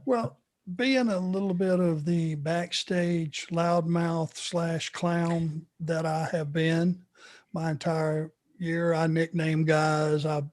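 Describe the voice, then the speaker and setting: An older man, a former wrestler, answers fan questions in a casual chat, laughing his way through wrestling stories. His voice is fairly high and a little mellow, delivered flatly at a slow pace.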